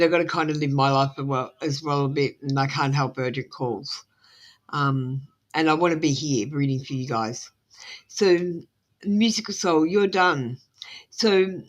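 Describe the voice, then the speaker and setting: An Australian woman on a live stream giving tarot readings, talking in a rambling, apologetic way with lots of ums. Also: lowish voice. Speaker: tarot reader. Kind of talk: casual live-stream chat.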